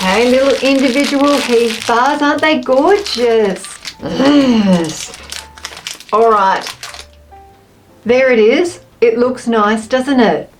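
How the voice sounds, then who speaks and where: A woman with a slightly higher pitch talks her way through a snack taste test. She chats freely and thinks out loud as she eats. She pokes fun at herself along the way. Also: takes it slowly, soft background music, low-quality recording. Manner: chatty, self-mocking, thinks aloud while eating. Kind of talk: casual chatty product review.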